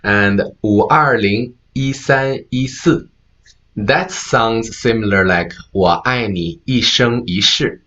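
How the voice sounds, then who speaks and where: A man whose first language is Mandarin Chinese gives a talk at a conference, explaining slowly with many fillers and mixing in Mandarin words. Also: fairly low pitch, sharp tone, muffled recording. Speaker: conference speaker. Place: conference room.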